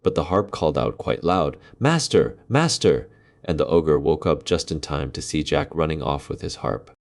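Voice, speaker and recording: A man reading a fairy tale aloud in measured, dramatic storybook narration. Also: a bass voice, creaky.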